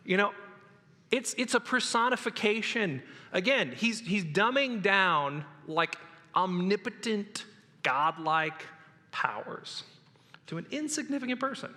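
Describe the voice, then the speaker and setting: A male pastor preaching an animated, jokey sermon in a church. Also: high voice, moderate pace. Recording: echoey hall.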